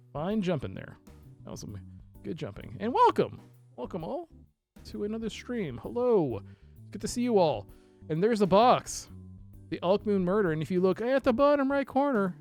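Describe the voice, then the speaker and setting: A live streamer giving chatty let's play commentary, rambling with self-correcting asides and breaking into loud yelps and laughter while playing. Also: medium pitch.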